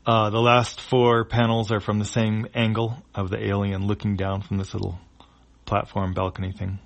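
A man's voice: lowish voice, monotone, moderate pace, creaky. A man casually reading a comic aloud, describing each panel with frequent fillers and restarts. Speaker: comic reader.

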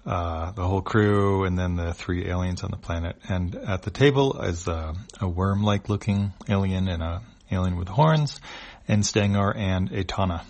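A man's voice: low-pitched, normal speed, darkish tone. A man reading a webcomic aloud panel by panel, in a plain, matter-of-fact way with fillers. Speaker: comic reader.

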